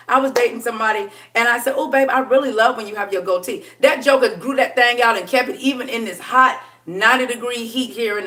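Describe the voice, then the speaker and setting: A woman coaching on dating in a casual live stream, chatty and sassy, laughing often and dipping into a low voice for effect. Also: fairly bright tone, far from the mic.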